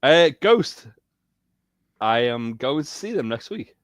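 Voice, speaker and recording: A man with a Liverpool accent, a guest on a podcast. He jokes and stammers over his words, and his lines often trail away low. The sound is close and dry. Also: sing-song, slow, dry recording. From Liverpool, England. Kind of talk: casual podcast chat.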